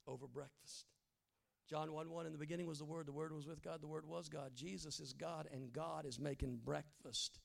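Gravelly-voiced dynamic male preacher. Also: a little high. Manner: dynamic, swings from hushed to loud bursts; folksy and humorous. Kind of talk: sermon.

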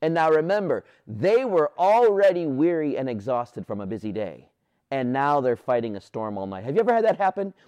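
A man preaching a sermon with a lively, swooping delivery and a slightly high voice. He switches between playful bursts and hushed, low passages. The sound is close and dry, with no room echo. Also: brisk. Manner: animated, playful voices for quoted characters; drops to a soft, low voice on key points. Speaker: pastor.

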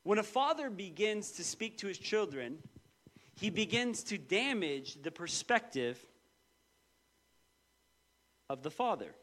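A man in his thirties preaching a sermon, telling personal stories with lively, acted-out quotes. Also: normal speed. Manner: animated storytelling, quoting voices with big pitch jumps. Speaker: pastor.

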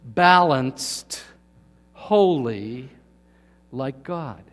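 A man's voice: mid-range voice, expressive, extremely slow. Man preaching in a reverberant hall. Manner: asks the congregation questions, swings between soft and loud. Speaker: pastor. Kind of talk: sermon. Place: church hall.

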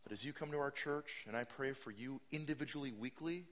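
A man in his thirties preaches with an animated, swinging delivery. His voice is bright and forceful, leaping into high mocking voices before settling into quiet, earnest stretches. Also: a little fast. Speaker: pastor. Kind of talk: sermon.

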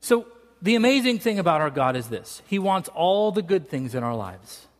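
A man's voice: high-pitched, sing-song, moderate pace. A man preaching a sermon as a pastor, in a joking, conversational storytelling way, in a church sanctuary. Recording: reverberant church hall.

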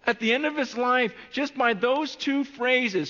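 A man preaching a sermon in an earnest, animated way, often restarting his phrases. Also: extremely high pitch, measured pace, few pauses, big-room sound, highs cut off. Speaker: pastor.

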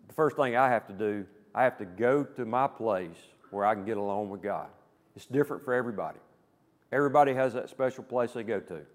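A male pastor preaching a Wednesday night sermon, speaking conversationally with rhetorical questions and frequent checks of "okay?". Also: medium pitch. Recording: long hall reverb.

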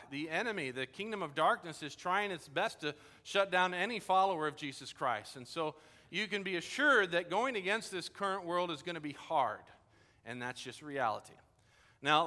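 A man preaching a sermon in a casual, animated way, telling stories and acting out quoted dialogue. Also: sits high. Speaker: pastor. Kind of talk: sermon with storytelling. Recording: long hall reverb.

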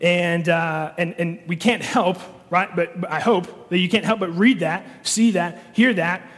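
Male pastor, higher pitch, casual sermon delivery with frequent fillers; long reverb of a church hall. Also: steady tone, unhurried, fairly bright tone. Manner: conversational, many fillers and restarts.

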